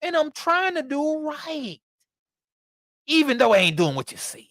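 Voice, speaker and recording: A man's voice: very high voice, sing-song, measured pace, fairly bright tone, dry recording, clean studio sound, voice pushed up, exaggerated voice. A man voicing a defensive ancient king who makes excuses for himself, in a self-justifying tone. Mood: defiant.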